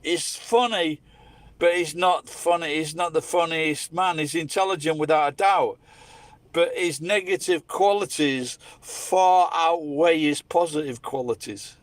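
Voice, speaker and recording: A Scottish man with a fairly high-pitched voice rants bluntly and profanely in a casual monologue. The sound is dry and close, with no room echo around him. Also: a little slow. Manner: blunt, heavily profane, opinionated. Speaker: vlogger.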